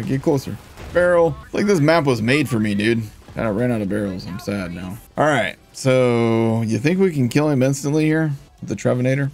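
A man giving casual, jokey commentary over his own gameplay, laughing often and getting excitable. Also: medium pitch, gravelly. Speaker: gaming streamer.

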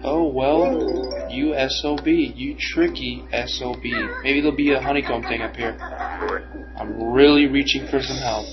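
Young man, let's play commentary, slow drawl, cursing at enemies, dull lo-fi sound, clear game music behind. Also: medium pitch, steady tone. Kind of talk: casual gameplay commentary. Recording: dull lo-fi recording.

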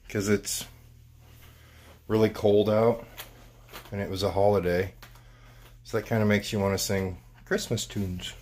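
A man's voice: fairly low pitch, slight background noise. A middle-aged man vlogging casually at home, chatty and wry, cracking jokes as he goes. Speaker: family vlogger. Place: indoors at home.

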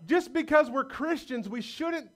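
Male pastor, bright high voice, folksy storytelling sermon delivery. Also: lively intonation, unhurried. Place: church sanctuary.

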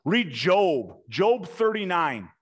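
Man, sermon, animated storytelling, emphatic, a bit high-pitched. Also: husky, muffled recording. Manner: animated storytelling, acts out quotes, emphatic slow punchlines. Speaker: preacher.

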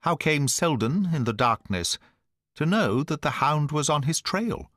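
A brisk, commanding male detective, read by a man in an audiobook, pressing his deductions in a crisp, urgent way. The intonation rises and falls with lively range. The recording is dry and close. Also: a little high, dry recording, pitched above the performer's own voice. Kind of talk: audiobook dialogue reading.

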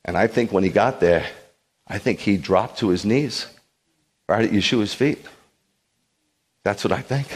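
A man serving as a rabbi, giving an animated sermon with joking asides and acted-out quotes. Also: fairly low pitch, moderate pace, breathy edge. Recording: long hall reverb.

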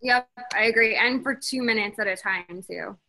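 A woman's voice: on the high side, normal speed, gravelly, bright, forceful tone. A woman co-presenting in a casual webinar Q&A, answering with lots of fillers and hedges. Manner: casual, hedging, many fillers. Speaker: co-presenter on child habit therapy.

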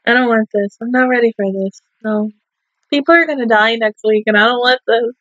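A woman's voice: on the high side, fairly even intonation, a little fast, a bit bright, dry recording, lo-fi sound. A young woman, reacting to an anime episode in casual, emotional talk, swearing and speaking straight to the characters. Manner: emotional, swearing, talking to the screen.

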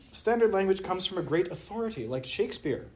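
A lecturer delivers an academic talk, teasing the audience with rhetorical questions. The pitch sits in the middle, and a soft hiss runs underneath, as in a university lecture room. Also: animated, moderate pace. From Pittsburgh, USA. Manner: wry, humorous, rhetorical questions. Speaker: anthropology lecturer.

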